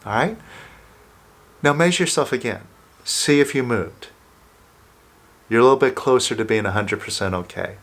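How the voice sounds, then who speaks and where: A man calmly guiding the listener through a self-help exercise, speaking step by step as a coach. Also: mid-range voice. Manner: slow, calm, coaching listener through steps.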